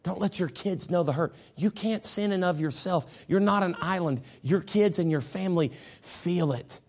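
A middle-aged man preaching a sermon as pastor, mixing folksy storytelling with impassioned passages that rise to shouts. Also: sits high, normal speed. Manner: impassioned, rising to shouts at peaks.

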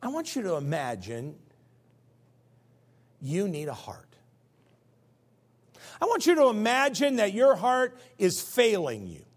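A man preaching a sermon as pastor, folksy and emphatic, swinging from loud outbursts to hushed tones. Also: sits high, wildly swooping pitch, takes it slowly, long pauses. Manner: folksy, conversational asides to the congregation.

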